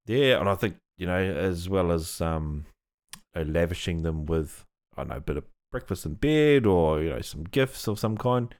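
A man's voice: sits low, lively intonation, moderate pace, a little mellow. A man co-hosting a podcast in a studio, rambling casually with lots of fillers, easy laughs and offhand swearing. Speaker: podcast co-host. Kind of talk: casual chat.

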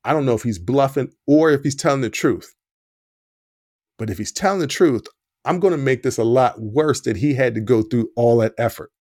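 Guy on a podcast spinning a story, middle pitch, dry close mic. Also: moderate pace, dry recording. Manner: animated storyteller, acts out quoted dialogue. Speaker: podcast host.

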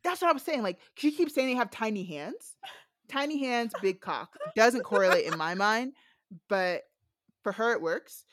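A woman's voice: fairly high pitch, lively intonation, moderate pace, a bit bright, no echo, studio quality. A young woman recapping a book in a casual podcast chat, frank and amused, with many fillers. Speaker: podcast co-host recapping a novella. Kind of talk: casual chat, reading quotes aloud.

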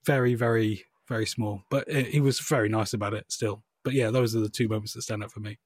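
Husky guy on a podcast, dry close sound, self-deprecating and giggly. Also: on the low side, fairly even intonation, fast talker, dry recording. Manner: self-deprecating, laughs often while telling a story. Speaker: podcast guest. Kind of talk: casual podcast chat.

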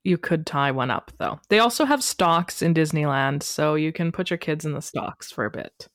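A woman from western Canada co-hosting a podcast in casual chat, playful and quick with jokey asides. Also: deep voice, expressive, no room sound, studio quality. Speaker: podcast co-host.

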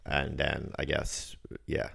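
A man with a very low, gravelly voice chatting on a comedy podcast. He drops dry, wry asides and laughs along with his co-host. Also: completely flat delivery, slow pace, a bit bright. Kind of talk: casual comedic chat.

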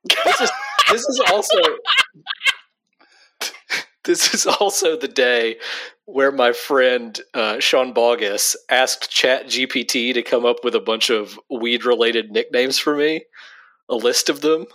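A man co-hosting a podcast in casual chat, with a deadpan tone. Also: medium pitch, slow pace. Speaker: podcast co-host. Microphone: remote call.

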